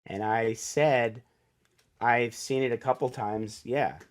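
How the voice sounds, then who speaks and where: A man's voice: mid-range voice, fairly even intonation, takes it slowly. A middle-aged man, a podcast guest and author, telling a personal story in a casual, earnest and emotional way, acting out the voices of people he quotes.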